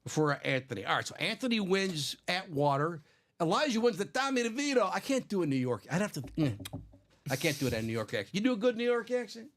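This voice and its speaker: A man with a Chicago accent hosting a live sports card break, chatty and animated, laughing often. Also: high voice, fast talker. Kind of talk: casual live-stream chat.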